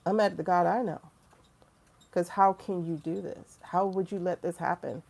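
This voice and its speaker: A woman's voice: fairly low pitch, steady tone, normal speed, vocal fry, darkish tone. A woman hosting a spiritual livestream, telling a story in casual, candid talk, quoting herself and others with profane asides. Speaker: tarot livestream host.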